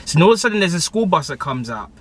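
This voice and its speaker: A young man recapping a TV episode in a casual, excitable way, full of slang, fillers and restarts. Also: a little high, very fast. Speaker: TV show reviewer.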